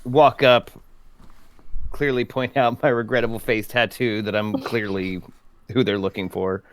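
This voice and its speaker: A man's voice: lowish voice, steady tone, unhurried. A man playing a character in a tabletop role-playing game, talking casually and joking. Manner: playful, joking. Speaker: player.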